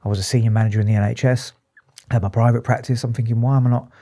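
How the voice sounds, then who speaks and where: A man, a psychotherapist, talking candidly and emotionally in an interview, halting and restarting often. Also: mid-range voice, steady tone, dark tone. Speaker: psychotherapist and addiction specialist, guest.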